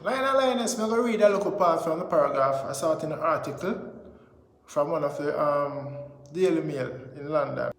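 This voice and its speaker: A man's voice: on the high side, fairly quick. A man with a Jamaican accent hosting a casual vlog, rambling in informal patois-flavoured talk full of greetings and blessings. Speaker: vlog host. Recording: echoey room with long reverb.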